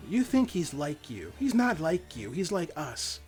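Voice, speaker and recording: A man reading as a cornered young heroine, frightened yet defiant, her lines snapping out sharp and desperate. The voice sits high and jumps around with strain. Soft music plays behind. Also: very animated, unhurried. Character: frightened, defiant young woman fighting back.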